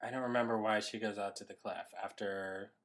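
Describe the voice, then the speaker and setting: A woman's voice: rumbling low, fairly quick. A woman co-hosting a comedy podcast, recapping a film in casual chat and acting out characters' lines with laughter. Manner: animated storyteller, acts out characters' lines with laughs. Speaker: podcast co-host.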